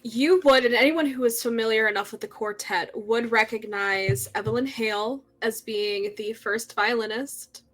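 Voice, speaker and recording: A woman's voice: a little high, moderate pace, hardly any pauses, fairly bright tone. A woman narrating a tabletop horror game as game master, setting scenes with many fillers.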